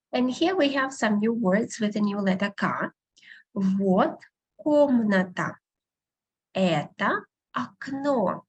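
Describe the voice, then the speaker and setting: A woman teaching an online beginner language class, patiently repeating words slowly over a video call. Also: a little high, husky.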